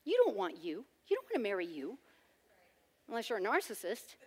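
A woman preaching a sermon, loud and emphatic with playful humor. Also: mid-range voice, huge pitch swings, fairly quick, slightly rough.

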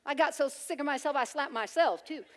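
High-voiced, loud woman preacher. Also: a little fast. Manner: loud, emphatic preaching with playful humor. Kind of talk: sermon.

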